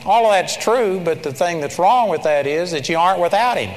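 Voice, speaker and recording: High-pitched guy preaching hard, mocks whiny prayers, big reverb in the hall. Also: lively intonation, brisk, few pauses. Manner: emphatic, mimics timid prayers in a whiny voice. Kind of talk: sermon.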